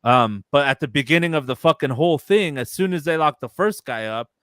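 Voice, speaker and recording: A man's voice: a little high, expressive, a little fast, a bit bright, clear, resonant tone, no echo, studio quality. A young man on a casual podcast, retelling a story in a loose, profane way and acting out what other people said. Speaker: podcast co-host.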